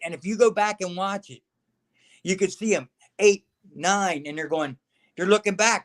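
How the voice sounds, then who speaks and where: Middle-aged guy spinning wrestling stories, acts out everybody's lines, slightly high voice, keeps saying brother. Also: moderate pace. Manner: animated storyteller acting out quotes, says man and brother a lot. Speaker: former wrestler guest. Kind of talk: casual storytelling interview.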